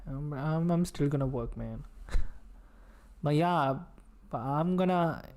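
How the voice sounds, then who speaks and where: Indian-accented male streamer, unhurried, mellow tone, laid-back chat while coding. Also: fairly high pitch. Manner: relaxed, chatty, reads tutorial text aloud, muttering to himself.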